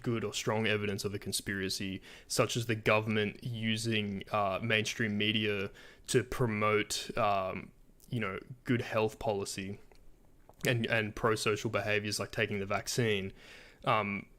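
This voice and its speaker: Man, reaction commentary, hesitant, restarts, low pitch, bright tone. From not American. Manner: hesitant, many fillers and restarts. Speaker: commentary channel host.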